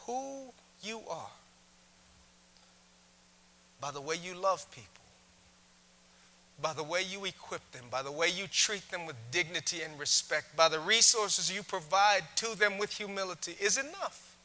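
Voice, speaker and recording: A man's voice: sits high, pushed and bright. A man giving an inspirational keynote speech in a conference hall, with an impassioned, preacher-like cadence full of repetition. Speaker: keynote speaker.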